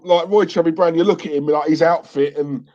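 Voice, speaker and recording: A man's voice: fairly high pitch, fairly even intonation, brisk, darkish tone, muffled recording. A man co-hosting a live stream, chatting casually and laughing often. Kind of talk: casual chat.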